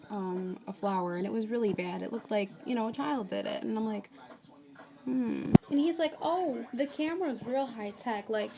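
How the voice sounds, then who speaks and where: Profane young woman telling a story. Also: a little high. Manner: profane, exasperated, acts out both sides of a chat. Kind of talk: casual storytime vlog. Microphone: phone or webcam.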